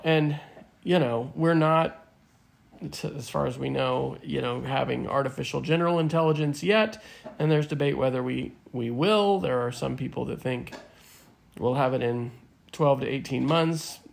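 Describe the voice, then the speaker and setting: A man's voice: medium pitch, moderate pace, creaky. A man in his fifties, a podcast co-host, chatting casually in a reflective, rambling way with fillers. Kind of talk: casual chat.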